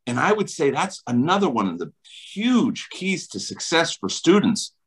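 A middle-aged chiropractor with a New Jersey accent talks in an animated interview as a guest, enthusiastic and emphatic and laughing often. His voice sits a little high and is very animated at a normal pace, though the recording quality is low.

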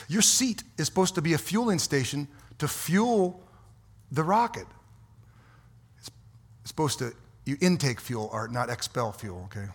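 A man preaching a fiery, folksy sermon as pastor in a church, swinging from quiet asides to loud exhortation. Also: high-pitched, breathy edge. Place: church sanctuary.

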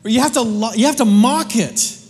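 A man's voice: very high-pitched, moderate pace, darkish tone, long reverb tail. A man preaching a sermon in a casual, joking, slangy way, stumbling over restarts as he goes. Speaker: pastor.

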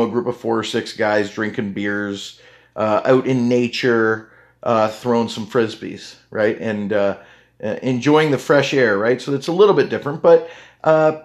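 Chatty rambling man hosting a podcast. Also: mid-range voice. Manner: rambling and chatty, with many fillers and restarts. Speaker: podcast host. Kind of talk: casual solo podcast talk.

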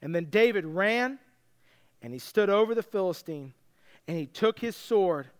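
A man preaching a sermon, retelling a story with lively, casual character voices. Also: high voice, moderate pace, smooth. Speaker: pastor.

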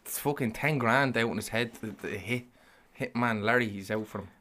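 A man co-hosting a casual podcast, delivering jokes in a slow, mock-serious manner. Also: mid-range voice, pushed and bright. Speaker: podcast co-host. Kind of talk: casual banter.

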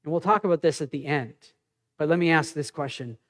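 High-voiced man preaching animatedly. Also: fairly quick. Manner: animated, conversational preaching with personal stories. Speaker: pastor. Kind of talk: sermon.

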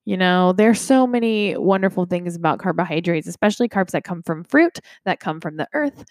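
Young woman yoga teacher hosting a self-help podcast; candid, sweary, rambling delivery, low-pitched, dry close recording. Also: animated, brisk, darkish tone, dry recording. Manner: candid, swears freely, many restarts and fillers.

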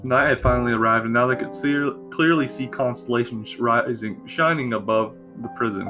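A man reading a fantasy story aloud in a slow, measured storybook narration. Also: medium pitch. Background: soft guitar music.

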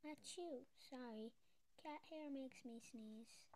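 A woman's voice: high-pitched, takes it slowly, dark tone, dry recording. A woman voicing a dutiful male police puppy in a storybook, sounding polite and apologetic.

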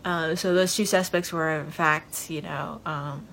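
Low-voiced woman recapping a TV episode. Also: steady tone, a little slow, creaky, fairly bright tone, a little hiss or hum. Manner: rambling, retells scenes with lots of fillers. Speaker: podcast host.

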